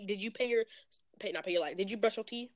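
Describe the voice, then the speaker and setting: A woman's voice: mid-range voice, fast, no room sound. Young woman ranting on a podcast, slangy and blunt, dry close sound. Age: 20s. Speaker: podcast co-host. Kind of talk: casual podcast chat.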